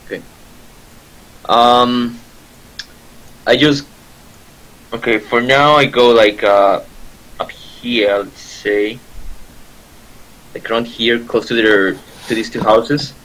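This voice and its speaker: A man's voice: medium pitch, steady tone, slow pace, pauses often, fairly bright tone, low-quality recording. A man playing in a tabletop game, hesitant and often stammering. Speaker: player.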